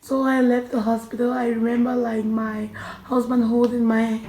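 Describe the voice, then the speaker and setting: A woman's voice: a little high, flat delivery, slight background noise. Emotional young woman in an echoey room. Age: young adult. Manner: emotional, halting, many restarts and soft drops in volume. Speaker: vlogger. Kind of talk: personal storytelling vlog.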